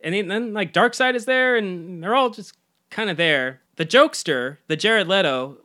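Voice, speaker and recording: A man co-hosting a relaxed movie podcast, his voice sitting slightly high with a bright, forward tone. He rambles loosely through plot points, chuckles often and slips into playful mock voices. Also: normal speed. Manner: laughs often, quotes characters in mock voices. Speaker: podcast co-host. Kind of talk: casual movie review chat.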